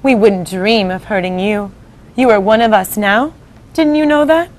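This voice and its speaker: A woman's voice: mid-range voice, moderate pace, a little mellow, natural voice. A woman reading aloud to a class, voicing a kindly, motherly female ladybug from a storybook. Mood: reassuring.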